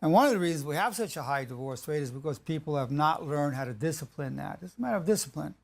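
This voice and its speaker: A man giving a spoken lecture on marriage, emphatic and slow on key phrases, repeating them, with halting restarts mid-sentence. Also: on the high side, animated, vocal fry.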